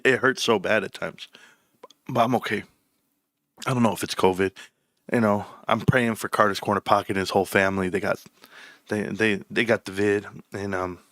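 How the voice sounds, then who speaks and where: A man hosting a casual livestream from home, talking in an animated, rambling way with casual swearing. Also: lowish voice, dry recording, clean studio sound. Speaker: livestream host.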